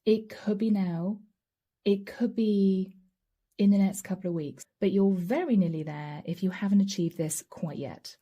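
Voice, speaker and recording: A woman giving a channeled tarot reading to camera, gentle and encouraging, speaking straight to her viewers and breaking into soft laughs. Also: mid-range voice, measured pace, highs cut off. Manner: often breaks into light laughs and soft asides. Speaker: tarot reader.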